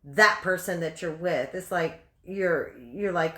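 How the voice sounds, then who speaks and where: A woman's voice: lowish voice, slow, sharp tone, echoey room. A woman giving a casual tarot reading at her table at home, chatty and blunt, firing off rhetorical questions and calling the listener honey. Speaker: tarot reader.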